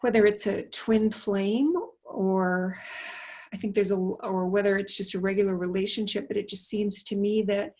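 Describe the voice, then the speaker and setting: A woman's voice: medium pitch, flat delivery, normal speed. A woman hosting a casual conversation who muses aloud and speaks asides to her listeners. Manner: chatty, warm asides to listeners, musing. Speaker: host.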